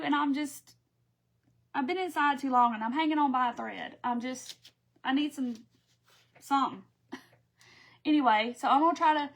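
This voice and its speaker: A chatty middle-aged woman with a drawl hosts a live craft stream. She rambles from one aside to the next and reads out viewer comments. Her voice sits a little high. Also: fairly bright tone. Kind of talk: casual live-stream chat while crafting.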